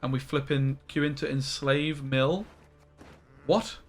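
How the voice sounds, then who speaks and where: A young man streaming a card game, chatting excitably to his viewers and breaking into loud, surprised yelps. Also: medium pitch, slow, faint music behind. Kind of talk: live-stream commentary.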